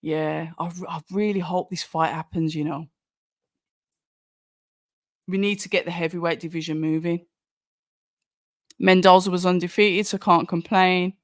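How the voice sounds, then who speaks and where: On a casual livestream watch-along, a host from Birmingham, England, answers viewer comments in a Brummie accent, frequently restarting. The medium-pitched voice is steady and fairly bright, at a measured pace with frequent pauses. Studio quality, no echo.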